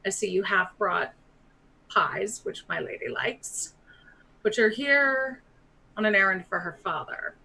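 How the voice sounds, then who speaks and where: A woman voicing a tall, proud drow noblewoman in a tabletop game, speaking in a measured, formal way. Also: medium pitch, lively intonation, gravelly, sharp tone, slightly rough, heavily acted, poor audio. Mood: cool.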